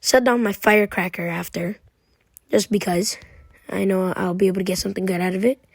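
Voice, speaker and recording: A young woman narrates her own match in a loose, joking way, teasing her opponent. Her voice sits at an ordinary middle pitch and is recorded very dry and close. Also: fairly even intonation, fairly quick, creaky, slightly rough, no room sound. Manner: playful trash-talking, self-narrating her moves. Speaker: gaming commentator. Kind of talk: casual game commentary over gameplay.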